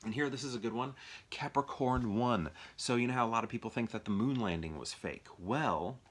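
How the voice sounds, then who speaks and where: A man's voice: mid-range voice, a little fast. A young man chatting casually and off the cuff about films from his collection, rambling with lots of fillers and restarts. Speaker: movie reviewer. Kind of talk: impromptu casual movie chat.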